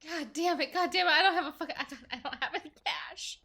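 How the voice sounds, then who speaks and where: A woman's voice: very high voice, fast talker, pushed and bright. A woman streaming a role-play game as a judge, talking frantically, swearing constantly and laughing a lot.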